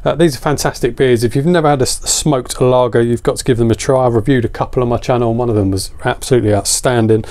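A man's voice: mid-range voice, steady tone, fast, hardly any pauses, darkish tone. A man, a little out of breath, chatting casually and enthusiastically as he reviews a beer on camera.

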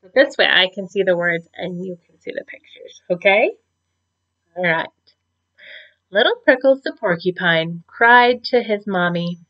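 Woman teacher, picture-book read-aloud, lively pitch, muffled lo-fi sound. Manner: slow, expressive storytelling.

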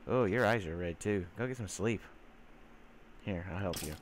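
Speaking in a low voice at normal speed, this gamer pauses often, with slight background noise present. His casual commentary wanders with plenty of fillers, and he occasionally coos teasingly at mobs.

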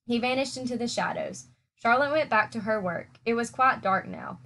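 A woman's voice: on the high side, moderate pace. Woman teacher reading a story aloud. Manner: steady, clear storytelling. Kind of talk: reading a children's book aloud.

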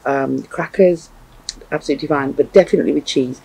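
Gushing man, mellow and husky. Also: on the high side, fast talker, rough recording. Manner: gushing and effusive, repeats exclamations. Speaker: food reviewer. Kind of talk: enthusiastic product review vlog.

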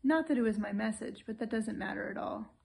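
A woman's voice: on the high side, a little fast, creaky. A woman voicing a grumbling, fussy old English lord who complains plaintively in an audiobook reading.

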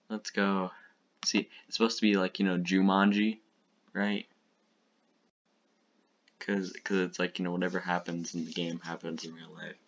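A man's voice: fairly low pitch, dull audio. A young man rambling and poking fun at his own old short films as a video host. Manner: rambling, self-mocking. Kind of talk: reaction commentary.

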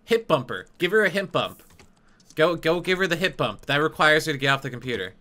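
Man, game streamer, animated swooping voice, bright tone, excitable, mock-outraged shouts. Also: fairly high pitch, brisk. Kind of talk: let's play commentary.

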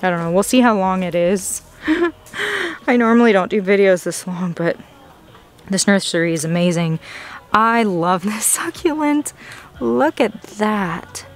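A young woman filming a casual plant-shopping vlog in a nursery, gushing excitedly over the plants she finds. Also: medium pitch, unhurried. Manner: excited, gushing, frequent gasps. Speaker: plant vlogger.

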